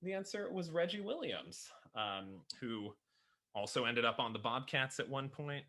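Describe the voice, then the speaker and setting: A man's voice: mid-range voice, lively intonation, normal speed, bright, forceful tone. A man from Chicago chatting casually about his jersey collection, enthusiastic and self-deprecating, laughing often. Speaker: writer and podcaster, guest. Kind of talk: casual chat showing off jerseys.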